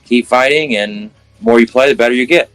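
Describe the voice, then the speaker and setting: A man's voice: mid-range voice, a little fast, fairly bright tone, no echo, faint music behind, low-quality recording. A man speaking as a podcast guest, casual and rambling, giving loose advice. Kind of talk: casual interview chat.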